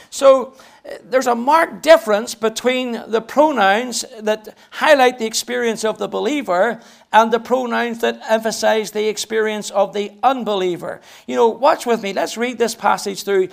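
A man's voice: sits high, vocal fry. A man preaching a sermon to his church, emphatic, repeating words as he builds each point and raising his voice to read scripture. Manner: reads scripture aloud in a raised voice.

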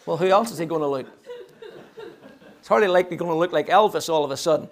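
A man's voice: a little high, brisk, gravelly, long pauses. A man with a Northern Irish accent preaching a sermon, swinging between ringing proclamation and chatty, joking asides.

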